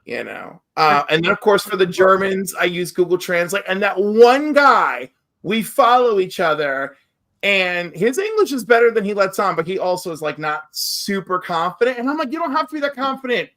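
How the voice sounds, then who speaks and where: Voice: mid-range voice, normal speed. A podcast co-host from New York telling stories in casual chat, acting out quotes along the way. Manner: animated storyteller, acts out quotes.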